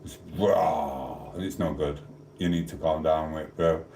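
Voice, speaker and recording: A man from South Yorkshire, England, speaks in an extremely low, dark voice at an unhurried pace, with a little hiss or hum audible. Live streaming from an echoey room, he rambles casually and cheekily banters with viewers' comments.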